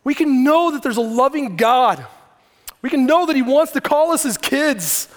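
High-voiced animated male pastor in a hall. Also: moderate pace. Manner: animated, joking storyteller. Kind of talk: sermon. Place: large hall before a congregation. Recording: long hall reverb.

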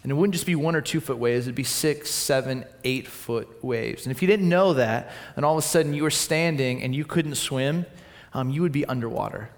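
A man from Southern California preaching a storytelling sermon, acting out voices and swinging from loud to quiet. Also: medium pitch, brisk, big-room sound.

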